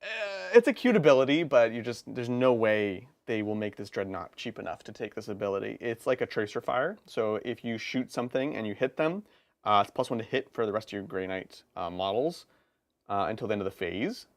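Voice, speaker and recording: A man co-hosting a live stream, chatting casually and quickly about tabletop game rules, with laughs and quick asides. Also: on the low side, lively intonation. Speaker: co-host of a tabletop gaming stream.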